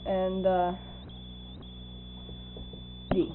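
With a fairly low pitch and drawn-out words, an older woman laughs often as she remembers people for an oral history, animatedly performing their quoted voices. The tape is tinny and lo-fi, with a faint hum.

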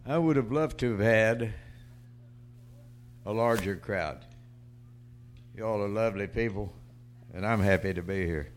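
A man performing on stage who introduces his own poem and then recites it in a measured way. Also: fairly low pitch, a little hiss or hum. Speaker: cowboy poet performing. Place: stage before a small audience.

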